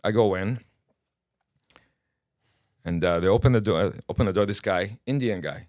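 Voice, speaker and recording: Interview guest: a man, lowish voice, dry close sound, animated and chatty storyteller. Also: normal speed, dry recording. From Kuwait. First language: Arabic. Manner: animated, casual storyteller who acts out dialogue.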